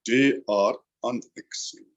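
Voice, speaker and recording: A male college lecturer from India with an Indian English accent, slowly explaining a literature lesson and repeating key terms for emphasis. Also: medium pitch, steady tone, fairly bright tone, highs cut off.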